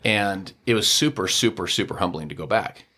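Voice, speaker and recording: Podcast guest, middle-aged man, deep voice, casual animated storyteller. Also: a little fast. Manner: animated storyteller, acts out quoted dialogue.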